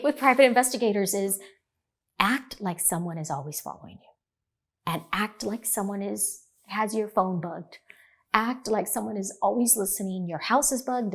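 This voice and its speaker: A middle-aged woman, a divorce lawyer, talking in an animated storytelling way and acting out the dialogue. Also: mid-range voice. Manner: animated, acts out quoted dialogue. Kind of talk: storytelling in a podcast interview.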